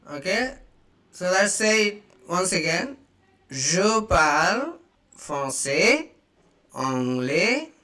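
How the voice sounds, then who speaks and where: Slow-talking bright male language teacher. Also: high voice. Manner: slow, repeats each phrase, spells out examples. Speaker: French teacher. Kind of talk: slow beginner language lesson.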